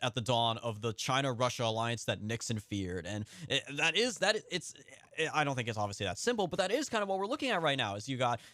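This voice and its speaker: A man hosting a political podcast, talking in a rapid, emphatic, lively way. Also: medium pitch, dry recording. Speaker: podcast host.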